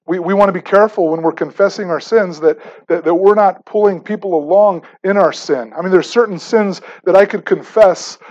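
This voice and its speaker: A man's voice: high-pitched, a little fast, few pauses, darkish tone, dull audio. A man preaching a sermon in a conversational, emphatic way, often repeating words as he starts phrases. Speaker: pastor.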